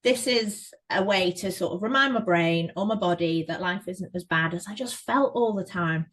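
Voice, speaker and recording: A woman from England, a photographer, talking casually as a podcast guest and telling her story in a lively way with plenty of fillers. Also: fairly low pitch, normal speed, low-quality recording.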